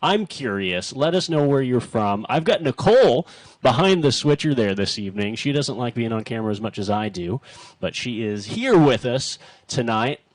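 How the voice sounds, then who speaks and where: A man's voice: mid-range voice, normal speed, no echo, recorded from a distance. Chatty nervous man hosting a live stream. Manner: chatty, self-deprecating, loud and excitable. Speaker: host. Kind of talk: casual live stream chat.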